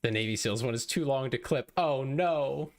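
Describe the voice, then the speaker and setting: A man's voice: medium pitch, moderate pace. A young man streaming live, chatting casually with viewers in a joking, self-deprecating way.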